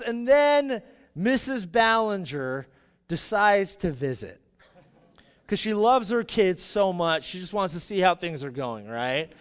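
A young man preaching a sermon, telling a personal story in an animated way with many asides. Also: high voice, smooth, long reverb tail.

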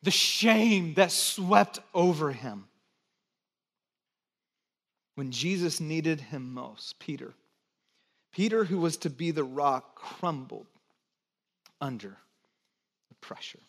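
A male pastor preaching a sermon in a church, slow and emphatic with dramatic pauses. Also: a little high, lively intonation, fairly bright tone. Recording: long church hall reverb.

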